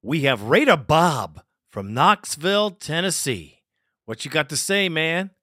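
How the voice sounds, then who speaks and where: A man hosting a fan podcast, brash and excited, trash-talking the rival team. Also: a little high, measured pace. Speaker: podcast host. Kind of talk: casual fan podcast chat.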